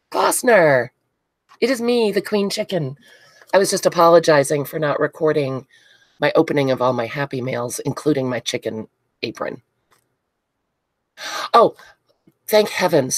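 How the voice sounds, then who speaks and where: A woman's voice: deep voice, no room sound. A congested woman hosting a casual crafting livestream, chatting with viewers by name and gushing over what she unboxes. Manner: chatty, greets viewers by name, gushes excitedly. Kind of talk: casual live chat while crafting.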